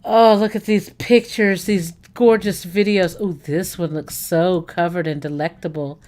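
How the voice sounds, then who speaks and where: With a fairly low, darkish voice and a steady, slightly slow delivery, this American livestream host talks casually to her viewers. She raves about food, wandering through fillers and correcting herself as she goes.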